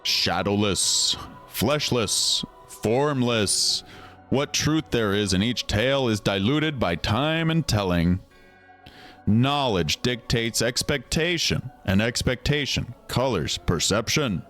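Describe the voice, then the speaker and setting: A man voicing an ominous masked emissary in a slow, solemn, lowered voice. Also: lively intonation, a bit bright, soft background music. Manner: low, slow, solemn delivery, self-admittedly weak villain voice.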